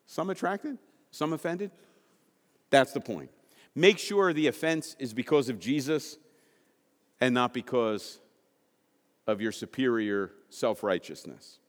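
A man's voice: medium pitch, animated, slow pace, pauses often, in a large hall. A man preaching a sermon to his congregation, asking rhetorical questions and repeating key lines for emphasis. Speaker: pastor.

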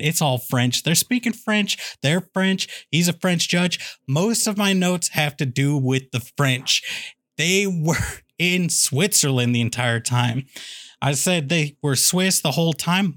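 A man's voice: medium pitch, fairly bright tone, no room sound, clean studio sound. A man co-hosting a podcast, ranting in a casual, incredulous way about a movie. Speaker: podcast co-host. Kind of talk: casual movie review chat.

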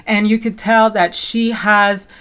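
Woman host, mid-pitched, loose conversational commentary with frequent "you know" asides. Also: fairly even intonation, slow pace, fairly bright tone, clear, resonant tone. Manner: rambling, conversational, lots of fillers and self-corrections. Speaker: podcast host. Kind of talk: casual commentary on reality TV.

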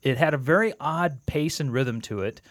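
A man guesting on a podcast, chatting casually and quickly explaining his opinions. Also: mid-range voice, dry recording, clean studio sound. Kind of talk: casual chat.

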